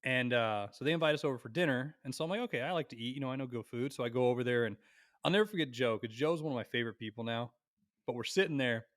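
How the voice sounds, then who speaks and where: A young man on a podcast, telling a long family story in a lively, animated way and swearing freely. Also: medium pitch, fast talker, no echo, clean studio sound. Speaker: podcast co-host. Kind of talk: casual storytelling chat.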